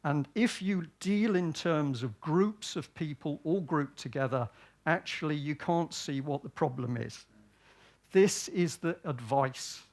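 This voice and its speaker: A man from Britain giving a public talk, often asking himself rhetorical questions and answering them. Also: a little high. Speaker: speaker at a public event.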